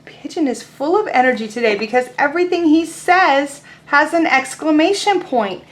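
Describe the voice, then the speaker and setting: A woman teaching young children in an online class, leading calendar time and storytime in a gentle, encouraging way. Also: high voice, lively intonation, moderate pace. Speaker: preschool teacher.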